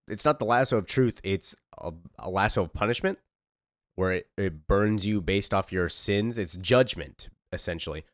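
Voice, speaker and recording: An excitable man recaps a comic in a casual way, getting emotional about the story. His voice is on the low side. The recording is dry and close, with no room sound. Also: no echo. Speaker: comic book reader and youtuber.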